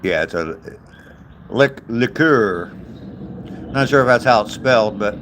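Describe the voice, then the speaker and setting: Older man, low-pitched and unhurried, chatty host reading viewer comments outdoors with faint background noise. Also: expressive, a bit bright. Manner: chatty, greets viewers by name, chuckles. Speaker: livestreamer reading viewer chat. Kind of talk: casual livestream chat. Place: outdoors on a walk.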